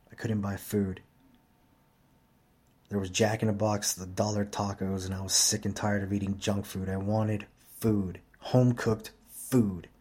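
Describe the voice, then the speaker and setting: A man's voice: on the low side, darkish tone, slightly rough. A man telling his viewers a personal story in a rambling, profane, plainspoken way, tired at the end of a long day. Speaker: vlogger. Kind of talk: casual storytelling monologue.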